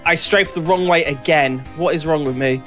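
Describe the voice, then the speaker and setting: A woman's voice: low voice, moderate pace, fairly bright tone, faint music behind. A woman, co-hosting casual gameplay commentary, self-mocking and cheering or groaning at her mistakes. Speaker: gaming channel co-host.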